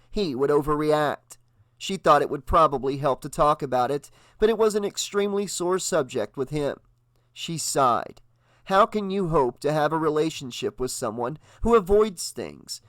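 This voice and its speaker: A man narrating an audiobook with a dramatic, expressive reading. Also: a little high, dry recording. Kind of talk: audiobook narration with character voices.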